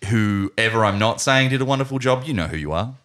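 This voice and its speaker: Australian man, low voice, bright forceful tone, animated podcast film chat. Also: brisk. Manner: animated, laughing, sweary, acts out quotes. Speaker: podcast co-host.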